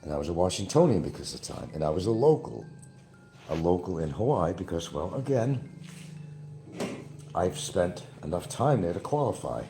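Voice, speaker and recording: A man's voice: sits low, sing-song, normal speed, dark tone, soft background music. An older man from New York with a slight New York accent, rambling and repeating himself as he hosts a casual live stream and reads viewer comments. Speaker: YouTube livestream host.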